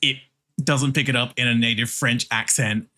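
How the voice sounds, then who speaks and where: A man's voice: mid-range voice, fairly even intonation, moderate pace, pushed and bright. A man streaming his art, chatting casually and rambling with fillers as he reacts to chat and the music. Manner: talks with frequent fillers and small laughs.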